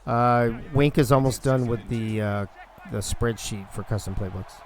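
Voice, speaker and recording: A man's voice: mid-range voice, a little slow, a little hiss or hum. A man hosting a casual live stream of a video game league, chatty and joking as he thinks aloud. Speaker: league organizer and stream host.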